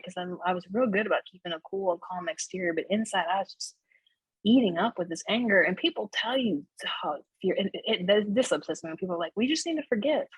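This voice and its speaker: A woman speaks candidly as an interview guest, her low voice slightly husky. She talks in an animated, conversational way and checks in with "right?" as she goes. The sound is dry and close. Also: dry recording, poor audio. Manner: animated, frequent "right?" tags and laughs. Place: Florida.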